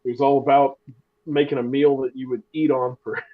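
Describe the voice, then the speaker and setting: A man in the middle of a relaxed podcast chat, spinning a story with self-deprecating humor and stumbling over his restarts. His voice sits at an ordinary pitch. The recording sounds a little dull and lo-fi. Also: brisk. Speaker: podcast co-host. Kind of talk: casual chat.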